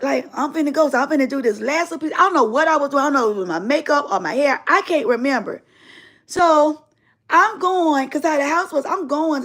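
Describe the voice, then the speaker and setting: A middle-aged woman with a high voice tells a personal story on her live stream. She talks in a casual, colloquial way and leans hard on her emphasis. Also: fairly bright tone.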